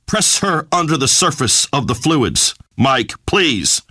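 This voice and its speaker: Pompous macho redneck radio host: high, bright, lively, dry read. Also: male voice, slow pace, no echo, exaggerated voice. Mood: blustering. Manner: blustering, pompous pronouncements. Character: brash macho redneck male radio host, middle-aged. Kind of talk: scripted radio comedy acting.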